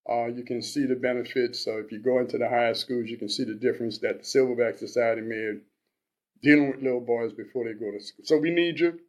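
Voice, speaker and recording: A man in his sixties hosting a radio show, talking in an unhurried, halting way with frequent restarts. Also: mid-range voice, fairly even intonation, darkish tone. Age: 60s. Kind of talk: casual radio talk.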